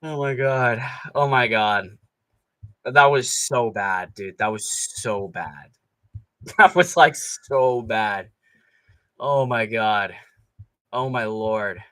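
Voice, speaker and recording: A man's voice: mid-range voice, takes it slowly, pauses often, fairly bright tone. A young man hosting a live fight reaction stream, ranting sarcastically with plenty of profanity. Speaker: streamer host.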